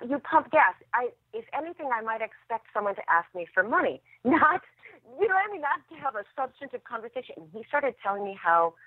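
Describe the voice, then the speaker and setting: A woman actress telling stories as a podcast guest, animated and laughing often. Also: mid-range voice, dry recording. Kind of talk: interview storytelling. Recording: dry tinny phone line.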